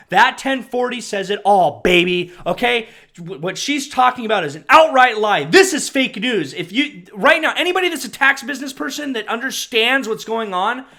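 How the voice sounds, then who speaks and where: A man's voice: very high-pitched, pushed and bright. A man giving heated commentary on a news clip, agitated and ranting, often repeating himself and restarting.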